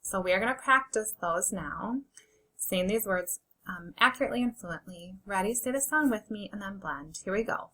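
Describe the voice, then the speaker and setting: A woman teacher leading an early reading lesson for children, sounding out words slowly and clearly and encouraging them as friends. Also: medium pitch, animated, sharp tone, low-quality recording.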